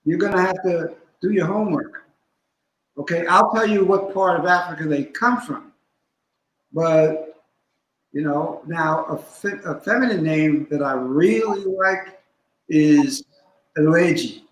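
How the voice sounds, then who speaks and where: A man gives a measured, instructive explanation, taking his time over each point. His voice sits a little high for a man. The recording picks up a roomy echo around him. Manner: deliberate, instructive, spells out terms. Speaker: guest scholar. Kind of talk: teaching in a conversation.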